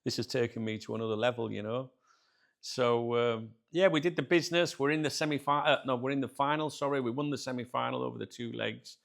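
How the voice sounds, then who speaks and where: A British man tells a story straight to his viewers in a loose, chatty way. His voice has a gravelly edge and sits at a middle pitch. He laughs often and keeps calling his audience guys. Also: fairly even intonation, fairly quick, fairly bright tone. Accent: British English. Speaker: channel host.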